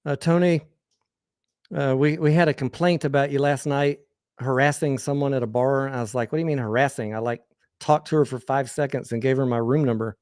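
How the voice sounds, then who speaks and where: A man's voice: medium pitch, fairly even intonation, fast talker, darkish tone, smooth, dry recording, studio quality. A man with an American accent hosting a livestream, telling crude, rambling personal anecdotes in a candid, casual way with frequent restarts. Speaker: host.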